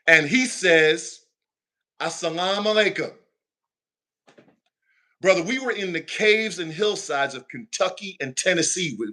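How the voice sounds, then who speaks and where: A man with a bright, somewhat high voice tells a story in a preacher's rolling cadence. He is animated and emphatic, a minister speaking on a talk show.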